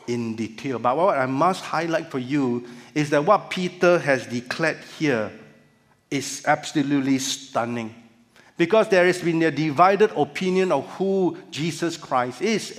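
A man preaching a sermon as pastor, measured with emphatic rises. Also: medium pitch. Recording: church hall reverb.

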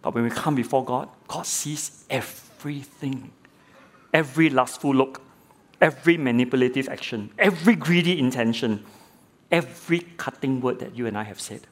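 A man's voice: medium pitch, brisk. A middle-aged man and lay preacher preaching a sermon, telling a courtroom story and asking his listeners rhetorical questions, often repeating words as he starts a phrase. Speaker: lay preacher, former judge.

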